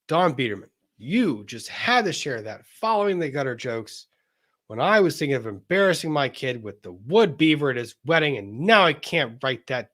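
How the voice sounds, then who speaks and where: A man's voice: mid-range voice, expressive, moderate pace, fairly bright tone, no echo. A man hosting a live-streamed legal talk show, reading viewer messages aloud in a chatty, wry way with laughs and casual cursing.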